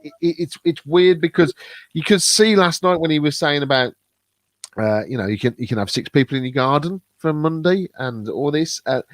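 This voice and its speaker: A man's voice: fairly high pitch, expressive, moderate pace, no echo. A man hosting a video-call business chat, talking in a chatty, stumbling way with lots of fillers. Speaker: host of a business chat show. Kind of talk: casual panel discussion.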